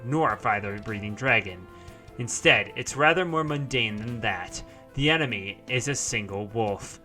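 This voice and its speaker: A man's voice: mid-range voice, pushed and bright. A young man reading a visual novel aloud as narration, with casual asides and fillers between passages. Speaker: visual novel let's-player.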